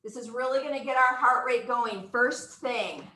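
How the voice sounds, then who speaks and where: High, bright upbeat woman coaching exercise. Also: moderate pace, reverberant, low-quality recording. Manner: upbeat, encouraging, counts out moves with whoops. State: out of breath. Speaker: exercise instructor. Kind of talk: live exercise class coaching.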